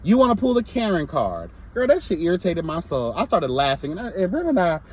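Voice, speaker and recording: Young man, sassy vlog rant, blunt and theatrical, high lively voice. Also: fairly quick, husky. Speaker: reality show reviewer.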